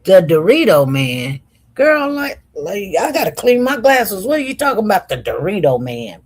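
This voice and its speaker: A woman's voice: mid-range voice, very animated, breathy edge. A woman, chatting casually on a livestream, reading viewer comments and calling her viewers y'all. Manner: chatty, slow and meandering, addresses viewers as y'all. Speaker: livestream host.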